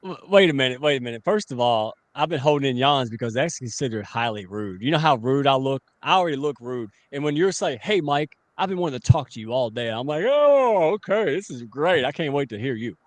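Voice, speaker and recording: A man's voice: mid-range voice, expressive, fast, few pauses, dry recording. A man in his forties hosting a live stream, playful and teasing in casual chat. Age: 40s.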